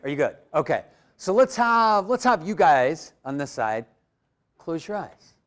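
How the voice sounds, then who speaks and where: A man giving a live motivational workshop in a room full of people, energetic and coaching the audience with direct prompts. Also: a little high, unhurried. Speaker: workshop speaker.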